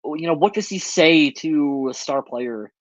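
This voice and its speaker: A man's voice: on the high side, measured pace, no echo. Earnest male podcast co-host, dry dull sound. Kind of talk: casual sports chat.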